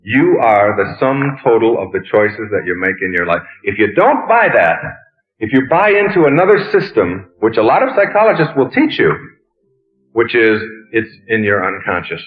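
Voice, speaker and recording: A man giving a lively motivational lecture, telling stories and firing off rhetorical questions. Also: lowish voice, normal speed. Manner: storytelling, animated, rhetorical questions. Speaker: motivational speaker. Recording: tinny phone-like lecture recording.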